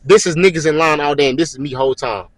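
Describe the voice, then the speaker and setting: Over a noisy background, a young adult man talks fast in a slightly high voice while telling a casual story. He's animated and slangy, cursing heavily, imitating the people in it, and yelling partway through.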